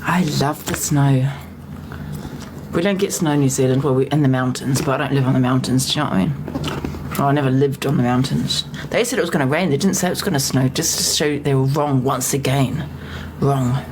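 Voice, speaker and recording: A woman hosting a casual live stream, excitable and chatty, talking straight to her viewers. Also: very deep voice, fairly quick, noisy background.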